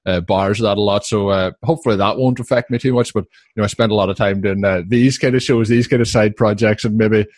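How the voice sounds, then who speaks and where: A man hosts a casual interview in a low voice and talks quickly. He laughs often and fills his gaps with "uh". The sound is dry, with almost no room. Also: fairly even intonation, darkish tone, no echo. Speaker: podcast host.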